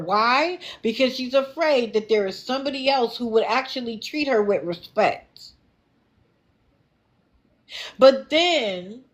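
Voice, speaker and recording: A middle-aged woman hosting a livestream, giving casual, sassy commentary and answering her chat in an animated way. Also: on the high side. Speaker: livestream host.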